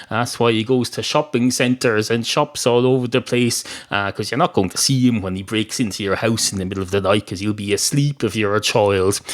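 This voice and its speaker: An Irish man hosting a podcast, telling a rambling comic story with many digressions. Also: mid-range voice. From Ireland. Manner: rambling, digressive, frequent uh's. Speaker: podcast host.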